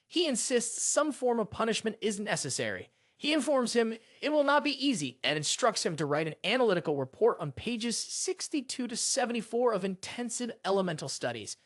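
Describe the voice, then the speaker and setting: A storyteller recapping a fantasy comic in steady scripted narration. The pitch moves freely up and down while the pace stays even. The sound is close and dry, with no room around it. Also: no room sound.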